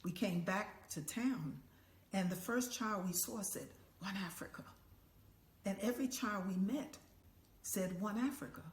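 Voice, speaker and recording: An older woman telling a story as an elder, lively and acting out the voices and chants of the people in it. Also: mid-range voice, measured pace. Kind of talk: oral storytelling. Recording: echoey room with faint ambience.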